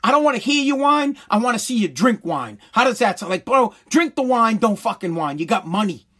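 A man's voice: very high-pitched, sing-song, brisk, a bit bright. A man delivering a blunt, heated, sarcastic opinion rant full of crude swearing.

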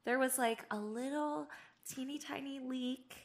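A woman is a guest on a casual podcast, telling stories with an animated, giggly energy. Her voice carries a gravelly fry, and she breaks into little acted-out quotes of her past self. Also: high-pitched, a little slow. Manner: animated, laughs often, acts out her own past lines. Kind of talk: casual storytelling chat.

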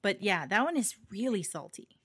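A woman's voice: mid-range voice, big pitch swings, moderate pace, a bit bright, breathy edge, no echo. A woman from Hawaii co-hosting a casual chat, talking freely with fillers and frequent laughter. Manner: chatty, laughs often, trails off with fillers. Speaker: podcast co-host.

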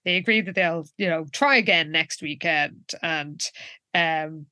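Her voice is low and bright with a forceful edge, and she keeps a measured pace in a recording with no room sound. Co-hosting a podcast, she recaps a TV episode in casual chat and acts out the characters' lines.

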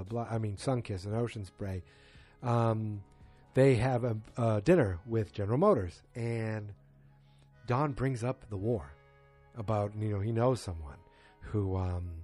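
Man, relaxed mellow tone, loose rambling recap of a show, halting and casual. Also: on the low side. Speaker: TV episode recapper. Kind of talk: casual spoken episode recap.

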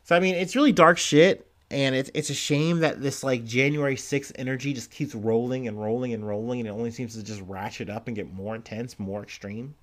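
A man's voice: mid-range voice, a little fast, few pauses, fairly bright tone. A man casually hosting a news commentary, loose and profane, rambling with lots of fillers. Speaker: commentary host.

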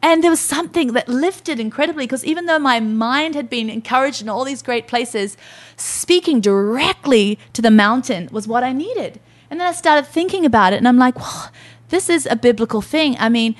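A middle-aged woman co-hosting a faith-based podcast, talking earnestly and emotionally about grief and hope. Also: on the high side. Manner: earnest, emotional, quotes herself speaking to her body. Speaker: podcast co-host.

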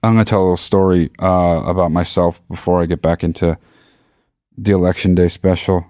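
A man with a fairly low voice tells a comedic story, swearing freely and stopping to correct himself as he goes. His tone is sarcastic and self-mocking. The sound is dry and close. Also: fairly even intonation, fairly quick, dark tone, no room sound. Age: adult. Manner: profane, sarcastic, rambling with self-interruptions.

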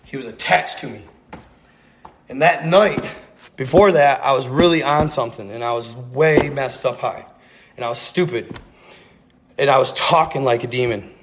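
Gravelly man telling a rambling story. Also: medium pitch, moderate pace, pauses often, noisy background. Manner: rambling, profane, slangy, repeats himself; earnest, intense. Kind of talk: casual storytelling.

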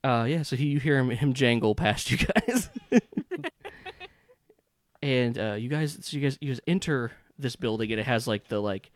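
A male game master narrates a tabletop horror game in a loose, rambling way. His voice sits in a middle pitch. The recording is close and dry. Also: animated, moderate pace, dry recording. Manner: rambling with many fillers and restarts.

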